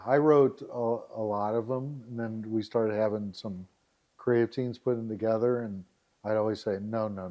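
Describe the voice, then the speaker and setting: A middle-aged man, a guest on a podcast, telling stories in a lively, animated way and acting out scenes as he goes. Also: mid-range voice, highs cut off. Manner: animated storyteller, acts out scenes. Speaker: dating site founder, guest. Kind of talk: storytelling in a podcast interview.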